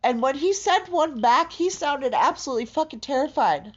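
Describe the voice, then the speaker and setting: A woman in a raw confessional monologue, distraught and halting, swearing heavily and breaking into shaky laughter. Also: sits high, animated. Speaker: vlogger. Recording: dull lo-fi audio.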